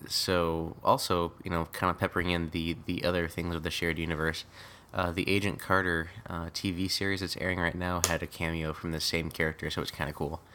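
Low-voiced guy chatting through a movie recap, bright edge, laughs a lot. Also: flat delivery, brisk, few pauses, a little hiss or hum. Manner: laughs often, mocks the acting. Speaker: podcast co-host. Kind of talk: casual movie recap chat.

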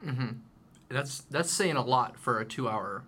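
A man's voice: mid-range voice, expressive, unhurried, pushed and bright. A man co-hosting a podcast, chatting casually about a film and readily agreeing with his partner. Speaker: podcast co-host. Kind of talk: casual movie discussion.

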